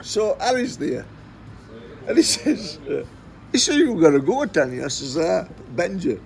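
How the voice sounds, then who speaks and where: A man's voice: high-pitched, sing-song, measured pace, creaky, a little mellow. A man telling a rambling anecdote, swearing constantly and repeating himself. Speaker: storyteller.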